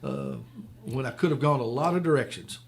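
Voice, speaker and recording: A man hosts a relaxed radio chat, nodding along and then reminiscing. His mid-pitched voice carries a gravelly creak. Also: fairly quick. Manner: warm affirming listener, reminiscent. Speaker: radio show host.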